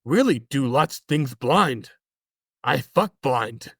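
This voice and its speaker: A man's voice: mid-range voice, lively intonation, takes it slowly, no room sound, studio quality. A man voicing a solemn old male martial arts master who speaks in clipped broken English, as a comic podcast impression.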